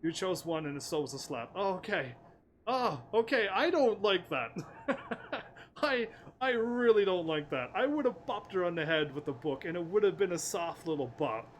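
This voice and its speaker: A man's voice: on the high side, sing-song, normal speed, a little hiss or hum. A man casually commentating while playing a game, reading the dialogue aloud, often laughing and playful. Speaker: gaming streamer. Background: game music.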